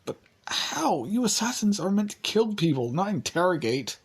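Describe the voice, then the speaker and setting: A man's voice: sits high, big pitch swings, normal speed, slightly rough, pitched above the performer's own voice, full character voice. A man voicing a defiant captive woman. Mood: defiant, startled.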